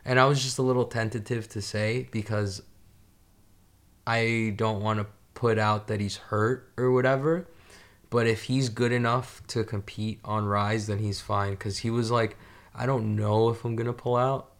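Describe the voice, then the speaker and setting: A man's voice: lowish voice, flat delivery, a little slow, fairly bright tone. Laid-back young man rambling with fillers. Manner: rambling, lots of fillers and swearing. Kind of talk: casual chat.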